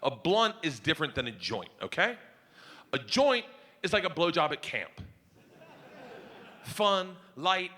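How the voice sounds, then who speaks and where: Loud, animated stand-up comedian. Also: male voice, a little high, measured pace, long pauses.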